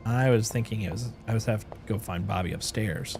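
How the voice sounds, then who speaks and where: A man's voice: fairly low pitch, a little fast, creaky, noisy background. A man streaming a game, chatting casually as he plays and reading in-game notes aloud. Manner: animated, thinks aloud and reads game notes aloud. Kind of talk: casual gameplay commentary.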